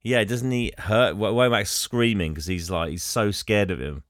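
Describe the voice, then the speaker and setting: A man's voice: fairly low pitch, normal speed, dry recording, clean studio sound. A man co-hosting a podcast, chatting casually about a movie with frequent laughs. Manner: animated, laughs often, playful. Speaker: podcast co-host.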